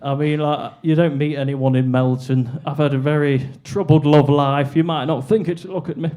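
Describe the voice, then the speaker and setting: Giggly self-deprecating comic. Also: male voice, on the high side, fairly even intonation, normal speed, mellow. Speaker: stand-up comedian. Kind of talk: stand-up comedy set. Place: comedy club stage.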